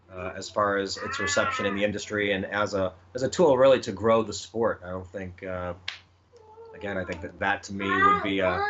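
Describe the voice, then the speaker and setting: A man answering interview questions about his children's book, hesitant, with many fillers and restarts. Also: lowish voice. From United States. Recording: slightly muffled with faint noise.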